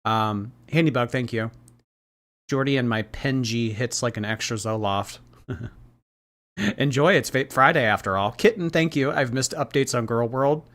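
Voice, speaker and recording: A man's voice: mid-range voice, moderate pace, a bit bright. A man hosting a casual livestream, reacting to clips and thanking viewers by name. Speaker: livestream commentary host.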